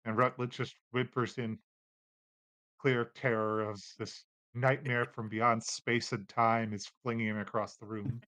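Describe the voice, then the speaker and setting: Man, game master, tabletop narration, relaxed, filler-heavy, dry close sound. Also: mid-range voice, measured pace, no room sound.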